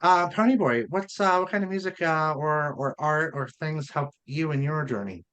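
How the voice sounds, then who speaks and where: A podcast co-host speaking hesitantly and softly with many fillers during a casual panel chat. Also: medium pitch, normal speed, clean tone. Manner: soft-spoken, hesitant.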